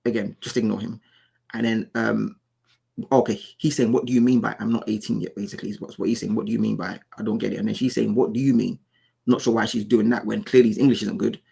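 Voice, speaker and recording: A man's voice: lowish voice, little pitch movement, fast talker, vocal fry, warm tone, husky. A man giving casual, insistent reaction commentary, often repeating and restarting his words as he argues his point. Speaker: commentary YouTuber.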